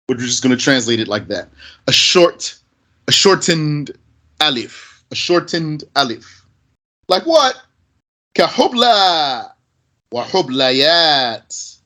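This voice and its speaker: A man's voice: medium pitch, pushed and bright. A man teaching Arabic grammar, asking and answering his own questions as he explains.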